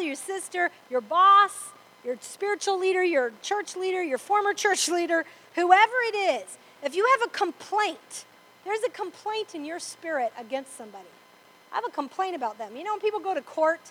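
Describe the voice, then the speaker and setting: A very high-pitched, slightly bright female voice comes through a rough recording of a church sermon. The preacher is emphatic, leans on repetition for stress, and frequently asks her congregation, "Amen?"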